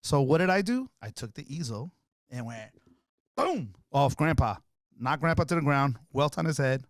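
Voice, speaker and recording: A man's voice: fairly high pitch, expressive, normal speed, no room sound, studio quality. A middle-aged man, a podcast guest, telling stories in a casual street manner and acting out the people in them. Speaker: podcast guest, artist and photographer. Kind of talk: animated storytelling.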